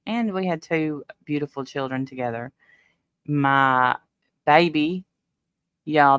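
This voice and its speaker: A woman's voice: a bass voice, clean tone, dry recording. Middle-aged woman, livestream host, teary and emotional, casual chat, dry close sound. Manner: emotional, tearful, talks directly to viewers.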